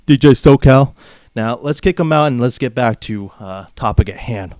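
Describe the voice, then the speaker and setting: A man's voice: mid-range voice, normal speed, a little mellow, clean tone, no room sound, studio quality. A man from Southern California hosting a comedic wrestling podcast, brash and mocking, padding his rants with filler phrases. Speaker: podcast host.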